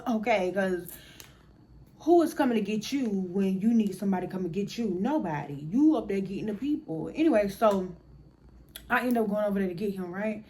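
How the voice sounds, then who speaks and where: A young woman spins a casual storytime for her viewers, talking straight to them. Her delivery is animated and blunt, with plenty of profanity. Her voice sits at an ordinary pitch for a woman. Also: normal speed. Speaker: storyteller vlogger.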